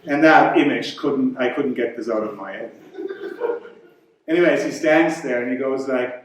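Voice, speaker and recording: A man with a German accent doing stand-up comedy, telling a story deadpan and chuckling along. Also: medium pitch, normal speed, a little hiss or hum. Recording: echoey hall from far off.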